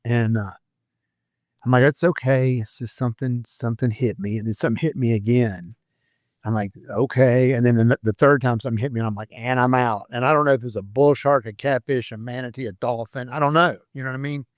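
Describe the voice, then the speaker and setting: Retired cop telling dive stories. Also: male voice, medium pitch, fairly even intonation, fast, no room sound, studio quality. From Florida, USA. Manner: rambling anecdotes, laughs at himself. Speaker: retired sheriff's deputy and police diver. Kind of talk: casual storytelling interview.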